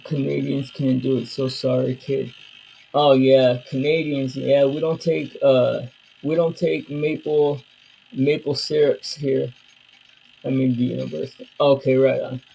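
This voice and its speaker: A man's voice: mid-range voice, little pitch movement, a little slow, vocal fry, mellow, slightly rough, rough recording. A man streaming live, chatting casually and loosely with his viewers in slang. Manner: loose, slangy and rambling, talking to chat. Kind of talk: casual chat.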